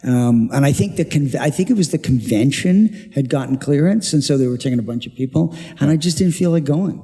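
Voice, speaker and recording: A man on a panel admits his own mistakes in a halting, self-deprecating way. His tone is warm and dark, and the hall around him rings with long reverb. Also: fairly high pitch, expressive, breathy edge. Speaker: panel guest. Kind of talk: casual panel chat. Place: large convention hall. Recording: echoey convention hall.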